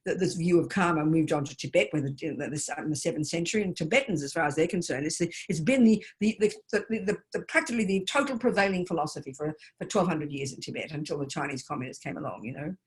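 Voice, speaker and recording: A woman's voice: low voice, fast talker, hardly any pauses. Emphatic older woman teaching Buddhism. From Australia. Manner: emphatic, lively, rhetorical questions. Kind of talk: dharma teaching talk.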